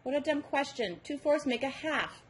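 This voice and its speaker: A woman voicing a tired, grumpy boy who hates math, talking in a slow, complaining way. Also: high voice, animated, pitched above the performer's own voice.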